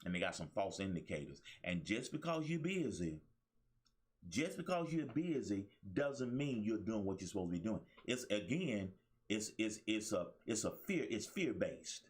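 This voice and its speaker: A man's voice: on the low side, big pitch swings, moderate pace. A man hosting his own motivational talk show, preaching to listeners with repeated phrases. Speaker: life coach and show host.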